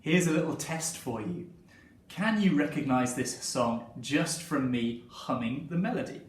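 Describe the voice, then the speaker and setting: A man's voice: fairly high pitch, animated, a little slow. A man leading a children's singing lesson, talking in a friendly, encouraging way. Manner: friendly, encouraging, sings along. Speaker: singing teacher. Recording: roomy sound from a distance with piano. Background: piano.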